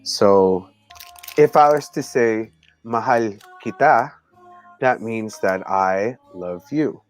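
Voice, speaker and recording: A man co-hosting a casual video call chat, teaching Tagalog words in a halting, rambling way with many fillers and frequent laughs. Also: lowish voice, animated, faint music behind, poor audio. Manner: laughs often between words.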